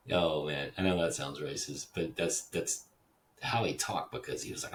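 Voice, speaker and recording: A Texas-raised man with an extremely deep voice, talking in a loose, wandering monologue and swearing casually. The mic sits some distance away, with faint hiss underneath. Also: fairly quick, a bit bright. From Dallas, Texas (Oak Cliff). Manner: rambling, digressive, swears casually. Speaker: podcast host.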